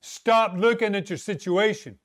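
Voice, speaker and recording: A man preaching a sermon, slow and emphatic, asking rhetorical questions and leaning on dramatic pauses. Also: sits high, fairly bright tone.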